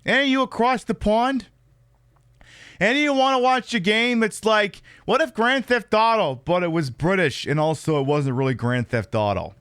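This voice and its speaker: A man's voice: mid-range voice, fairly bright tone, smooth, no room sound. A man hosting a live game stream, chatting casually and cracking crude jokes.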